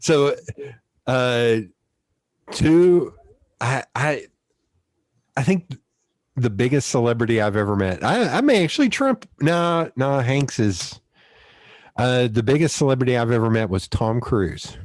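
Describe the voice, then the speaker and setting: A male podcast host telling stories in a casual chat, animated, laughing often and swearing freely. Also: mid-range voice, measured pace, long pauses, no echo, clean studio sound.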